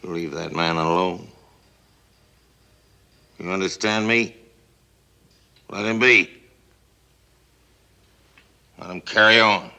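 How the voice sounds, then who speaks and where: A man's voice: deep voice, takes it slowly, vocal fry, long pauses, pushed and bright, clean tone, heavily acted. An actor playing a brash, boastful TV showman in a 1950s film, talking in a bombastic, domineering way. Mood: defiant. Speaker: TV broadcaster on safari.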